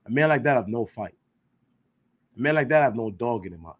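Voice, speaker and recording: A man leads an informal scripture class in a loose, slangy way. He presses his points with rhetorical questions and keeps checking that his listeners follow him. His voice sits in an ordinary middle pitch. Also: animated, fairly quick. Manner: emphatic, rhetorical questions, slangy, keeps asking "you know what I'm saying". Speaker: class teacher.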